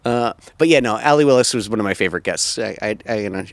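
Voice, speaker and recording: Lively, dry-voiced man hosting a podcast. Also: lowish voice, quick pace, no room sound. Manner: loose and rambling, laughs often, many fillers. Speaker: podcast host. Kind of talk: casual chat.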